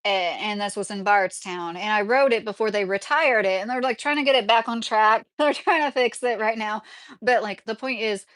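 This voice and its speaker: At a moderate pace, a woman with a mid-range, fairly bright voice hosts a livestream without echo. In her thirties and from Kentucky, she chats casually, reads viewers' comments, rambles, and laughs often.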